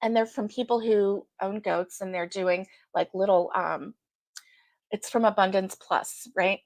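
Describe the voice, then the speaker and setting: A woman's voice: mid-range voice, fairly even intonation, a little slow, no echo. A woman hosting a casual live chat, greeting viewers by name and laughing often. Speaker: livestream host.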